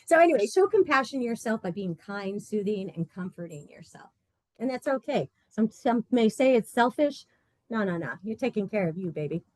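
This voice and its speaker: A woman's voice: mid-range voice, big pitch swings, brisk, darkish tone, no echo. A woman leading a support group session in a casual, playful and blunt way, laughing often.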